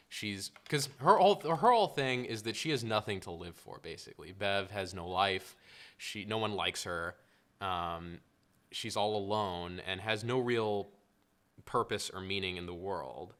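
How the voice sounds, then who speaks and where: A man in casual podcast chat, his lowish voice bright and forceful. His tone stays smooth and crisp as he works through his points, peppering them with "like.". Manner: thoughtful, many "like" fillers. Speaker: podcast co-host. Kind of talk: casual film discussion.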